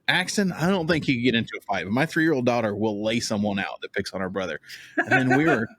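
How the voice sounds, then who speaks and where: A man in his thirties hosting a podcast, telling family stories in a relaxed, chatty way. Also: mid-range voice, fast, dry recording. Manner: chatty, storytelling, laughs often. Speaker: podcast host. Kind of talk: casual chat.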